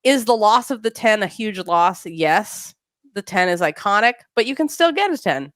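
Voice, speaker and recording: A woman co-hosting a podcast, chatting casually with quick jokes and asides. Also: mid-range voice, no echo. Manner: animated, joking, quick asides. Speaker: podcast co-host. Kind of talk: casual chat.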